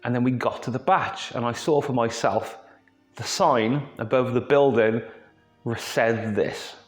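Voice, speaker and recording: A man's voice: mid-range voice, a little slow. A Welsh man tells a long personal story in a chatty, rambling way, dropping in asides and fillers as he goes. His voice sits in a middle register. It rings a little in a roomy space, with faint music underneath. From Wales. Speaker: host. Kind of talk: casual anecdotal storytelling.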